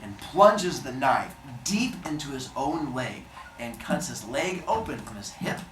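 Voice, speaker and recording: A male teacher retelling a myth to his class in a playful, wry, animated way. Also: mid-range voice, measured pace, background noise. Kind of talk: classroom storytelling. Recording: echoey classroom, mic far off.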